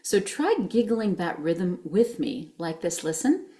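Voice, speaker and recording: A woman's voice: fairly low pitch, very animated, unhurried, dark tone. A woman voice teacher giving a vocal exercise lesson, explaining patiently and encouraging her students.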